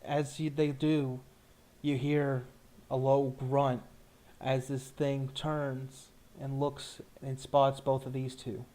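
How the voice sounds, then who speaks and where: Acting as dungeon master for a tabletop game, a young man narrates haltingly, searching for words and using frequent fillers. His voice is medium-pitched and dark with a level tone.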